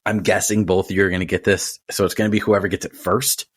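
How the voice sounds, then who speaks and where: A man's voice: sits low, little pitch movement, quick pace, breathy edge, dry recording, studio quality. A man hosting a casual podcast from a hotel room, rambling with lots of chuckles and restarts. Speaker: podcast host.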